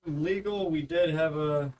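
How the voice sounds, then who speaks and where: A young man reads viewer comments aloud in a plain, matter-of-fact way. His voice sits slightly high, and he keeps his answers short and to the point. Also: a little slow, a little mellow, rough recording. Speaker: co-host reading viewer questions. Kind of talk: reading chat comments aloud.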